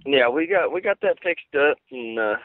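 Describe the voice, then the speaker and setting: Halting race driver on a phone line. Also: male voice, medium pitch, expressive. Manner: halting, many fillers and restarts, plain-spoken. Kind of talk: casual interview answers.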